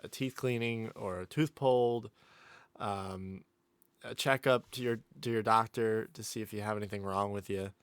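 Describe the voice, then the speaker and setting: Lowish-voiced man rambling on his podcast. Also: normal speed, clear, resonant tone, no room sound. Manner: rambling, relaxed, many fillers and restarts. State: slightly sick voice. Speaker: podcast host. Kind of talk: casual solo podcast chat. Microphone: studio condenser microphone through a mixer.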